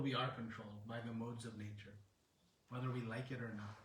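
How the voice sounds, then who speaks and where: A man giving a devotional sermon, retelling a sacred story in an earnest, explanatory way with dramatic pauses. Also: mid-range voice, flat delivery. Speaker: speaker. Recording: roomy hall, distant mic.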